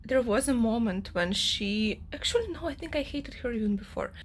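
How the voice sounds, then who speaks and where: A woman's voice: a little high, animated, normal speed, slight background noise. A young woman vlogging about a novel she is reading, ranting with strong emotion and many fillers. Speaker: book vlogger. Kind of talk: casual reading vlog monologue.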